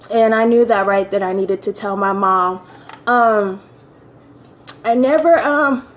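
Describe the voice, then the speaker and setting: A woman's voice: mid-range voice, slow pace, long pauses. A woman from California giving an earnest personal testimony, holding back tears and repeating phrases for emphasis.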